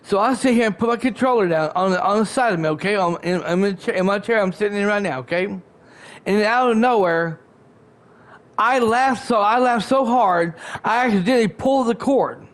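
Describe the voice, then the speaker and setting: High-voiced man ranting on stream. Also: a little fast. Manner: rambling and repetitive, frequent restarts, profane. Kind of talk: casual live-stream rant. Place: home room in his chair. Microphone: headset.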